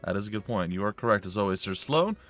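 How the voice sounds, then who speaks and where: A man voicing a composed young princess, polite and measured. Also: lowish voice, expressive, fairly bright tone, faint music behind. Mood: calm.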